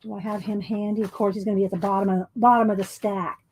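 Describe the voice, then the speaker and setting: A woman's voice: medium pitch, little pitch movement, quick pace, a little mellow, breathy edge, low-quality recording. A woman chatting casually and rambling while she flips through her artwork, a little out of breath. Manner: chatty, rambling, says y'all. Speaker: artist vlogger.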